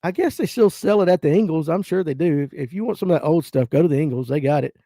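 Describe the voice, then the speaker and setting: A Southern man in his fifties with a North Georgia accent chats to his viewers in a folksy, storytelling way. His voice sits slightly high but sounds mellow and relaxed. It is recorded close to the mic, dry, with no room sound. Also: quick pace, no echo. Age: 50s. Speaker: livestream host. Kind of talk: casual chat reading viewer comments.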